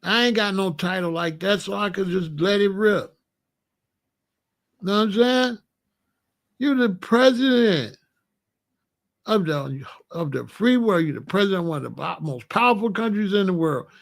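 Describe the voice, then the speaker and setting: Blunt, high-voiced man ranting to viewers. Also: expressive, moderate pace, creaky, long pauses. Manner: blunt, emphatic, talks straight to viewers. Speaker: commentator. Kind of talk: casual political commentary.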